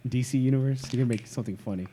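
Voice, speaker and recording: A man's voice: medium pitch, very fast, dark tone, husky. A man co-hosting a podcast in casual chat, blunt and heavy on swearing. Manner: blunt and profane. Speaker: podcast co-host.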